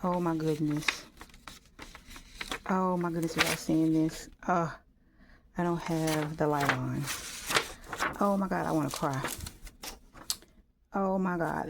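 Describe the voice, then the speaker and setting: A woman chatting casually and excitedly while making a gift on camera, full of exclamations. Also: low-pitched, takes it slowly, gravelly, long pauses, noisy background. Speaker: crafter vlogger. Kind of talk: casual talk while crafting.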